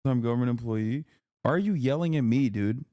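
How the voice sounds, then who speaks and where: A man's voice: medium pitch, brisk, warm tone, no echo, studio quality. A man streaming, reacting to clips in casual commentary with a profane, exasperated rant.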